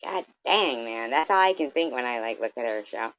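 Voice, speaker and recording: A man's voice: medium pitch, lively intonation, a little fast. A man ranting in a scornful, profane, rambling way, as a vlogger talking casually to his viewers. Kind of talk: casual rant. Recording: dull, dry lo-fi recording.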